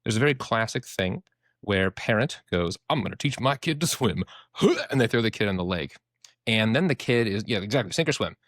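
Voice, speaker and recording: A young man, a therapist, explaining things in a casual podcast chat, animated and casually profane, acting out inner voices. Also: on the low side, fairly quick, dry recording, clean studio sound.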